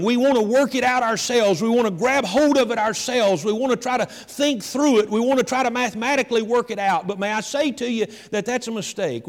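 A male pastor preaching a sermon with rising emphasis, slowing into drawn-out phrases, in a church sanctuary. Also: very high-pitched. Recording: long hall reverb.

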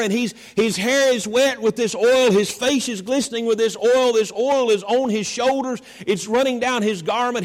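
A male preacher delivering a sermon, emphatic and repetitive as he lists his points. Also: extremely high pitch.

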